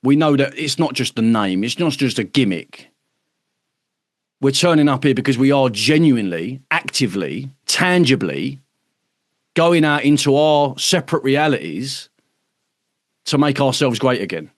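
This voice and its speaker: Speaking at a normal speed in an expressive, medium-pitched voice, a UK man hosts an online workshop, giving members a casual livestream talk. He's emphatic, swears often, leans on tag questions such as "right?", and slips into impressions of other people. The recording is dry, with clean studio sound.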